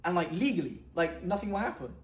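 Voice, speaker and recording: A man's voice: high voice, lively intonation, quick pace, roomy sound. A laid-back man talking in casual slang in a comedy skit. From United Kingdom.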